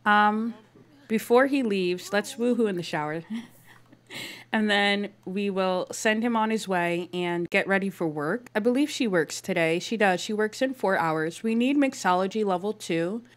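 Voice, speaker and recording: A woman giving casual, chatty commentary on her life-simulation game, laughing often and voicing her characters' thoughts in quick asides. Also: medium pitch. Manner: chatty, giggly, voices her characters playfully. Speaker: gaming YouTuber. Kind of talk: casual Let's Play commentary.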